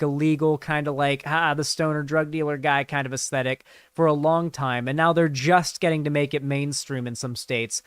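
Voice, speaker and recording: A male streamer gives casual live commentary, rambling and swearing and packing his speech with fillers. His voice sits a touch high and sounds smooth and resonant. The recording is close and dry. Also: no echo. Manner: rambling, profane, lots of fillers.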